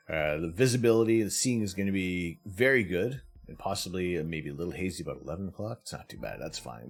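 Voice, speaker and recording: A low-voiced man hosts a live stream and talks easily with his viewers. He greets each one by name and laughs often. Faint music plays underneath. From Canada. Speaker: livestream host.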